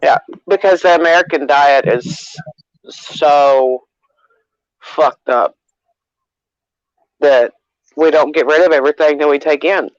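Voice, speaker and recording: A man in casual chat, talking in a rambling, halting way, full of fillers and restarts. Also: fairly high pitch, no room sound. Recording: dull lo-fi sound.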